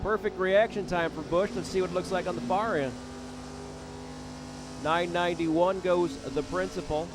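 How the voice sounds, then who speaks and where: Joking drag race announcer, man, loud engines. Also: high voice, fairly even intonation, moderate pace, background noise. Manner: jokey, self-deprecating, rattles off names and times. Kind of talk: live race commentary. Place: drag strip. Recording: loud race cars behind the voice.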